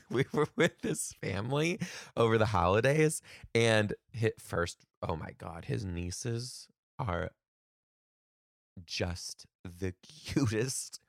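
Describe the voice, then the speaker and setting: A young man who works as a teacher tells stories in a casual, animated monologue, ranting and exclaiming and often laughing as he talks. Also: fairly low pitch, gravelly, dry recording, clean studio sound. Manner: laughs often while talking.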